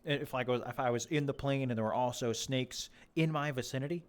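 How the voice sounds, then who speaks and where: A man's voice: medium pitch, fast talker. Rambling young man streaming a game. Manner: rambling, jokey, talks to animals in a mock interviewer voice. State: slightly losing his voice. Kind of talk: casual solo streaming chatter.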